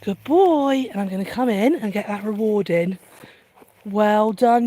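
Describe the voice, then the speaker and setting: Female dog trainer, husky and mellow, talking viewers through a live session between bursts of excited praise for the dog. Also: unhurried. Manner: alternates calm explanation with high, gushing praise to her dog.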